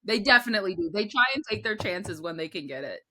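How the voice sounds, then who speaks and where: A young woman co-hosting a casual racing recap, expressive and animated as she talks. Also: mid-range voice, fast talker. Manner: expressive, animated, mimics voices. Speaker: podcast co-host. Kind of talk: casual sports recap chat.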